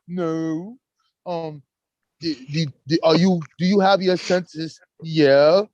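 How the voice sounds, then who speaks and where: A man hosting a live stream, talking in animated, profane street slang and acting out courtroom exchanges. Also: a little high, slow pace, dry recording, lo-fi sound. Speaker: host. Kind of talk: casual live-stream chat.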